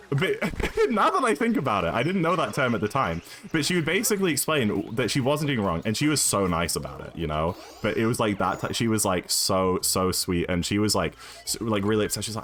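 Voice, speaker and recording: A man's voice: on the low side, a little fast, faint music behind. A young man with an English accent, chatting and storytelling casually as a streamer, rambling along with lots of fillers and tags like "right?". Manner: animated, rambling, filler-heavy with frequent "right?".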